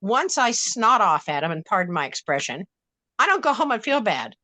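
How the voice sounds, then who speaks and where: A woman's voice: mid-range voice, sing-song, normal speed, sharp tone, no room sound. An older woman telling a story bluntly on a discussion panel, speaking with many restarts and growing heat.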